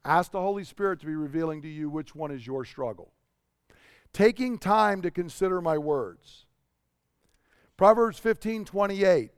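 A man's voice: high-pitched, normal speed, clear, resonant tone, dry recording, clean studio sound. A man giving a sermon in a conversational storytelling way, asking the congregation rhetorical questions. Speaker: pastor.

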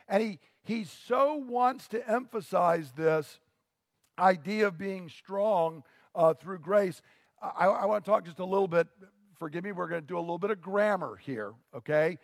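High-voiced man preaching a sermon. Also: dry recording, studio quality, big-room sound. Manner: earnest preaching with rhetorical questions. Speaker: pastor.

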